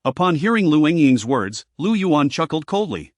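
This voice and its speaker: A male audiobook narrator reading a serialized novel in a steady, formal way. His voice sits a little higher than most men's, and the recording is dry and close with no room sound. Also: normal speed, hardly any pauses, no room sound. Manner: even, formal storytelling.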